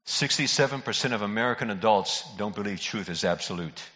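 An older male preacher with a bright, pressing voice leans into a folksy sermon, trading quips with his congregation. His words ring out through a church hall with a long echo, captured on a dull, muffled recording. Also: on the low side, expressive, brisk. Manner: folksy joke-telling preacher who calls out to congregation members. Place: church sanctuary.

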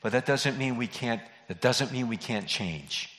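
A man's voice: mid-range voice, lively intonation, a little slow, fairly bright tone. Man, pastor, earnest sermon, repeats phrases, long church reverb. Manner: earnest preaching, repeats key phrases for emphasis.

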